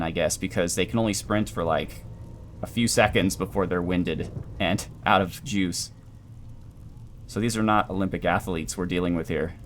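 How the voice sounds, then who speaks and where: Low-voiced guy calmly talking through a game, dry humor, bit of faint hiss behind. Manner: calm, dry, explanatory. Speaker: gameplay commentator. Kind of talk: let's play commentary.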